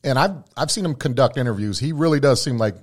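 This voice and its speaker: A man hosts an interview podcast. He speaks in a middle-pitched voice and has a relaxed, chatty way of talking. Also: quick pace. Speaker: podcast host. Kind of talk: casual interview chat.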